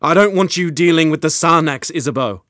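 A man reading an audiobook, voicing a protective young husband who speaks forcefully and urgently. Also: on the high side, a little fast, no room sound, clean studio sound, pitched above the performer's own voice, close to an everyday voice.

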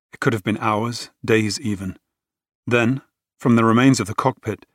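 Male audiobook narrator, low-pitched, measured and dramatic, dry booth sound. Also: no room sound.

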